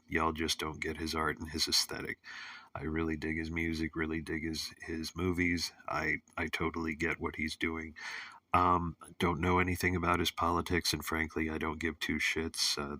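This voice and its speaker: A man's voice: extremely low pitch, bright, forceful tone, no room sound, clean studio sound, distant mic. A man hosting a casual monologue show, rambling with many fillers and restarts, and cracking crude jokes. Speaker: host.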